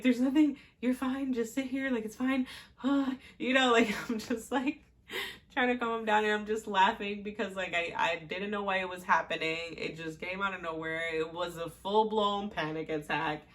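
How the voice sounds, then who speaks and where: A young woman hosts a podcast talk show, her voice on the low side with a fairly bright tone. She tells personal stories casually and chattily, sprinkling in fillers and little laughs.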